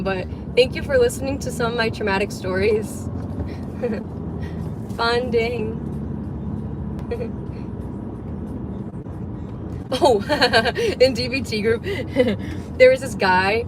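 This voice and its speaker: A young woman livestreaming from a car, chatting in a rambling way and swearing casually. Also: medium pitch. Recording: livestream in a car with road noise. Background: car and road noise.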